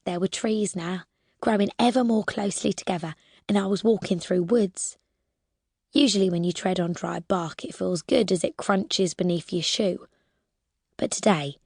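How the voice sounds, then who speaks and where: Reading a first-person adventure audiobook, a woman brings energy and expression to the text, sometimes falling to a whisper. Her medium-pitched voice is gravelly with a breathy edge, delivered at normal speed in echo-free studio quality.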